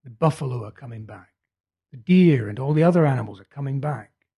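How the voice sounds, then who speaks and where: A man reading the part of a feverish young man urgently telling a vision, in a husky voice. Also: medium pitch, animated, a little fast, lo-fi sound. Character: feverish young male prophet, intense and urgent.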